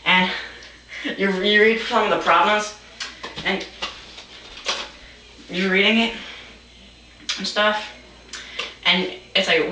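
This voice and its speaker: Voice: mid-range voice, steady tone, slow, pauses often, sharp tone, a little hiss or hum. A young stand-up comedian telling a rambling, absurd story, stumbling and restarting, saying "like" often, recorded in a roomy space from a distant mic.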